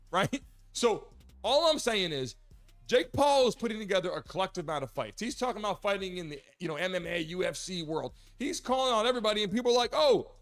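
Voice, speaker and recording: A man hosting a solo sports talk show, animated, swinging between loud emphatic bursts and low muttered asides. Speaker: host.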